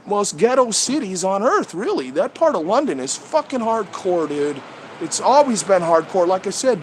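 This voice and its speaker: A man's voice: sits high, a little hiss or hum. A man hosting a livestream outdoors among trees, talking through a head-mounted camera in a profane, heated, rambling rant. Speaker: livestream host.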